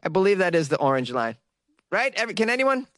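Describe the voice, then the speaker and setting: A man's voice: high voice, sing-song, quick pace, a bit bright, no room sound. A man from Boston hosting a comedy news segment, teasing and sarcastic and laughing often. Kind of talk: mocking comic commentary on weird news.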